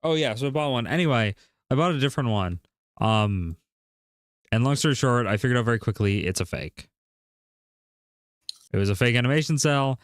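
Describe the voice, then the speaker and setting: A man's voice: medium pitch, lively intonation, a little fast, long pauses, dry recording, studio quality. A man streaming, telling a story in casual chat, rambling and full of fillers.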